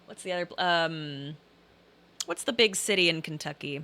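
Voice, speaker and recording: A woman's voice: deep voice, moderate pace, sharp tone. A young woman from Southern Illinois with a light accent of her region, chatting casually and rambling as she reads chat and laughs often. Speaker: streamer reading chat. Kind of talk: casual live-stream chat.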